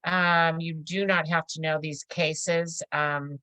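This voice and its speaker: A woman's voice: low voice, steady tone, slow, pushed and bright, dry recording, low-quality recording. A middle-aged woman teaching a real estate course in a casual, chatty way, often laughing as she tells stories. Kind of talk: casual classroom lecture.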